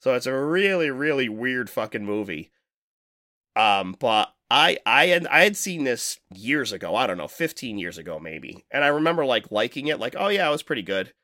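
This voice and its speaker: A man talking loosely on a podcast, rambling from one point to the next, with lots of swearing and quick laughs. His voice sits in a middle register and sounds dry and close to the mic. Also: medium pitch, very animated, sharp tone, no echo. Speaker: podcast co-host. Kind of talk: casual chat.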